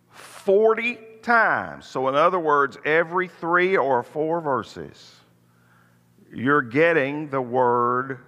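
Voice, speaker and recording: A middle-aged man leads a church Bible study in a church hall, telling stories and lifting his voice for emphasis. His pitch is fairly high, his tone bright and forceful, and the recording has long hall reverb.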